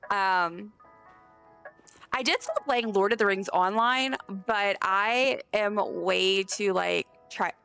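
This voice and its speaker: Bright, chatty woman streamer. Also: mid-range voice, takes it slowly. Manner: effusive, chatty, reads chat aloud. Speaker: livestreamer. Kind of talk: casual live-stream chat while gaming. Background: faint game music.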